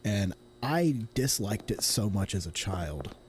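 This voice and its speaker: Man from Tennessee, streamer, lowish voice, rambling, faint background hiss. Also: big pitch swings, takes it slowly. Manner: rambling, self-correcting, thinks aloud. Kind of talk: casual live gameplay commentary.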